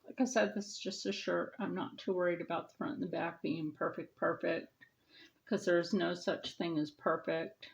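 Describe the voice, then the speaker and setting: A woman's voice: lowish voice, steady tone, normal speed, creaky, very noisy. A middle-aged woman hosting a casual sewing tutorial, chatting and explaining each step as she sews. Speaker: sewing channel host.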